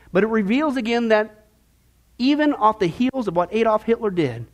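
A man teaching Bible prophecy as a preacher, emphatic and conversational with sarcastic asides. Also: high-pitched.

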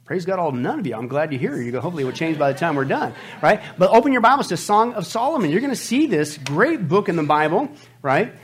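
A man's voice: on the high side, quick pace, soft background music. A male pastor preaching a sermon, joking and whooping as he reads scripture aloud. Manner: animated, humorous, shouts whoops.

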